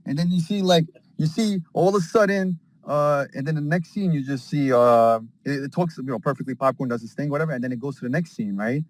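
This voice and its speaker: A man in casual group chat on an audio call, rambling excitedly with lots of slang and acting out scenes. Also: on the high side, a little fast, dry recording. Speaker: space call participant.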